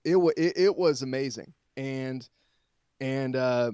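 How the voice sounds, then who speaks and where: A man reporting as a guest on a sports talk show, telling a long story in a rambling, animated way with many restarts. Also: mid-range voice, slow pace, clear, resonant tone, dry recording, studio quality.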